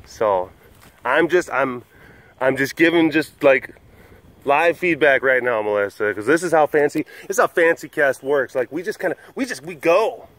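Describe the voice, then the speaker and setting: A man's voice: on the high side, expressive, moderate pace, fairly bright tone, dry recording. Chatty guy rambling on his own show, bouncy voice, laughs a lot, keeps restarting. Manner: rambling, chuckles often, many restarts. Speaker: host. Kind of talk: casual rambling podcast chat. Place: animal compound.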